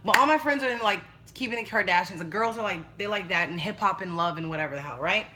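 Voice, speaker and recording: A woman's voice: medium pitch, fast talker, background noise. A young woman chatting casually and bluntly on a livestream, swearing freely. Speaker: vlogger.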